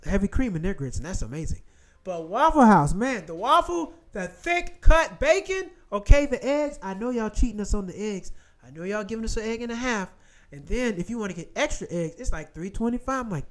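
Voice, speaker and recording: A man who rants through the headlines in an animated, profane way, repeating his points. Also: high-pitched, moderate pace. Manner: animated, profane, repetitive rant. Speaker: commentary channel host. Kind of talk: ranting commentary, reading headlines.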